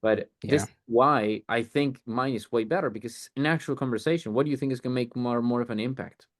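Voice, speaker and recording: Brisk and blunt, a man with a mid-range voice coaches a group over a sales call, cursing freely and role-playing mock sales lines.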